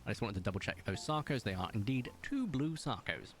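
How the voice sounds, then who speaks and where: A man's voice: mid-range voice, animated, brisk. A man of about thirty, chatting on a gaming stream at his home desk and talking to his cat in a coaxing voice. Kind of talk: casual gaming stream chat. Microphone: desk microphone.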